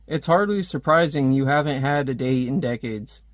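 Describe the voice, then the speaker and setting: A man's voice: mid-range voice, normal speed, no echo, studio quality, lightly acted. A man reading a comic book's smug genius villain aloud in a mocking, taunting tone.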